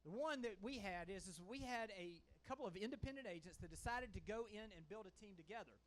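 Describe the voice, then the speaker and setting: A man on a conference panel addresses the hall from the stage through a handheld microphone, folksy and emphatic, frequently checking in with the audience. His delivery is brisk and animated, in a voice that sits high with a fairly bright tone.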